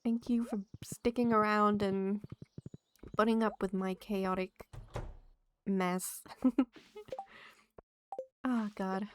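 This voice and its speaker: While playing a farming game on a live-stream, a woman chats casually with viewers and the game, laughing a lot. She speaks slowly in a medium-pitched, steady voice, pausing often, with slight background noise.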